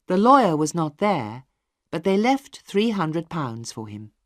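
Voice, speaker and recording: A storyteller reading a simple novel aloud for English learners, slowly and with clear spacing. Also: mid-range voice, very animated, no echo, studio quality. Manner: slow, clearly spaced storytelling. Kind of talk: slow graded-reader narration for English learners.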